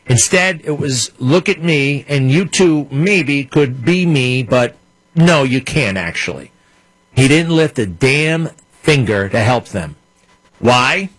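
A male talk radio host in full opinion mode, sarcastic and mocking, now and then slipping into put-on voices. His voice is husky, and the studio mic is dry and close. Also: medium pitch, no echo, poor audio.

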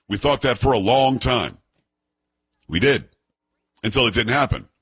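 A man talks through election results on his own show, reading news items aloud and breaking in with blunt, sarcastic opinions. His voice is somewhat husky, with a middling pitch. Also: very animated, measured pace, fairly bright tone. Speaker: political commentator host. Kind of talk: opinionated solo political commentary.

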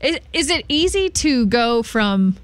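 A woman's voice: fairly high pitch, very animated, unhurried, clear, resonant tone, dry recording. A woman co-hosting a radio show, chatting casually and asking many curious questions. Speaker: radio co-host. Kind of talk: casual chat.

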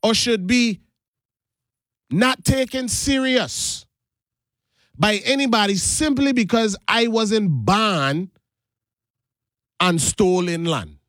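A man from the United States Virgin Islands with a Virgin Islands accent, giving an impassioned history talk with slow, emphatic stresses. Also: high-pitched, lively intonation, a bit bright, no room sound.

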